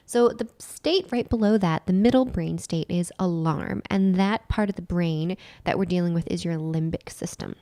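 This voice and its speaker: A woman talks through an idea step by step in a relaxed podcast chat, circling back to repeat the key phrases. Her voice sits at a medium pitch and sounds close and dry, with no room in it. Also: no echo. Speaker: podcast co-host and nutritional therapist. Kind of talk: casual explanatory podcast chat.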